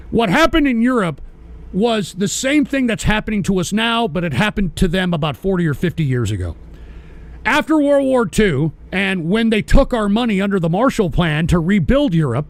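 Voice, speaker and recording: A man's voice: high voice, no echo. A man hosting a live-streamed political show, ranting and berating his listeners with constant profanity. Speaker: host.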